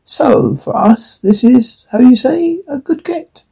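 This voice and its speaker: A reader voicing a smug male interrogator with an overdone fake Russian accent, high and theatrical. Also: lively intonation, vocal fry, mellow, husky, exaggerated voice, poor audio. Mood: smug, menacing. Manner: hammy fake Russian accent, drawn-out phrasing.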